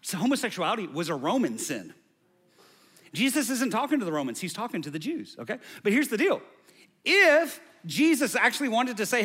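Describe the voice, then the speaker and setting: A male pastor delivers a sermon with a bright, slightly high voice. He talks to the congregation as if in conversation and checks in with them. His energy swings from loud, emphatic bursts to quiet, low lines. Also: very animated, moderate pace.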